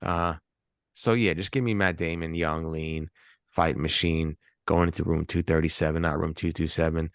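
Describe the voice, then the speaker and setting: A man's voice: very deep voice, fairly even intonation, normal speed, no room sound, studio quality. A man co-hosting a movie podcast, joking and rambling with frequent restarts. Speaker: podcast co-host. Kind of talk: casual movie chat.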